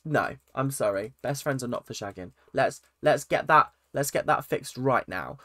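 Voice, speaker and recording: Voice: medium pitch, expressive, normal speed, a bit bright, no echo, clean studio sound. A reality TV reaction vlogger, casual and sarcastic, often repeating phrases in exasperation.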